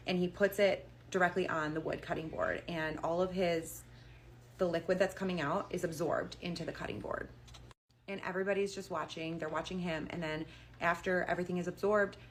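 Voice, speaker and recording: A woman's voice: on the low side, slight background noise. Chatty woman telling a storytime. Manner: chatty, uses like a lot. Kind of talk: casual storytime.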